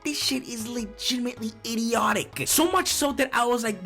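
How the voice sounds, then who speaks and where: A man's voice: very high voice, fairly quick, creaky, bright, forceful tone, faint music behind. A young man giving a casual, profane film review, laughing often as he rants.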